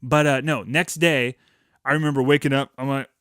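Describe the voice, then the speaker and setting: A man's voice: medium pitch, steady tone, moderate pace, a bit bright, smooth, dry recording, clean studio sound. A man hosting a podcast, telling a rambling, profane childhood story with self-mocking jokes. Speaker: podcast host.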